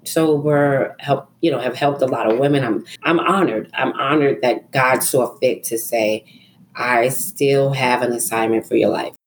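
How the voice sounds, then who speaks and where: A middle-aged woman with a notably low voice speaks as a podcast guest. She tells her story in an animated way, voicing her own past thoughts and breaking into laughter often. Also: unhurried, a little hiss or hum. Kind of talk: personal story in a podcast interview.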